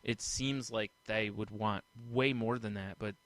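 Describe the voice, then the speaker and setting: Man, bright, forceful tone, rambling host chat on a dry mic. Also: on the low side, steady tone, unhurried, no room sound. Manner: chatty, rambling, laughs a lot. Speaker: podcast host. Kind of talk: casual banter.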